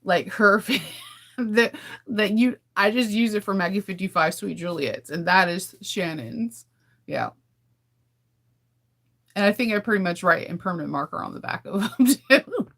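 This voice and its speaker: A woman's voice: medium pitch, expressive, unhurried, long pauses, fairly bright tone. A woman from California hosting a casual livestream, chatting candidly with viewers and laughing often. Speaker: livestream host. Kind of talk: casual chat with live viewers.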